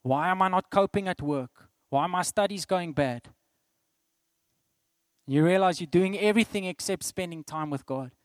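Emphatic South African preacher, dry sound. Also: male voice, high-pitched, moderate pace, dry recording. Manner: emphatic preacher, swings between loud declarations and soft asides. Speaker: pastor. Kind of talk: sermon.

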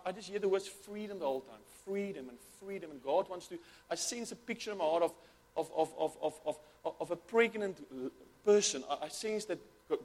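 A man preaching a sermon with fervent, repetitive delivery, often restarting his words. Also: high-pitched. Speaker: pastor.

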